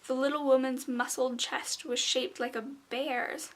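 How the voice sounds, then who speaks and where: A woman reading a children's fantasy book aloud in a measured, expressive way. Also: high-pitched. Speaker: audiobook reader. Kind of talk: storybook narration.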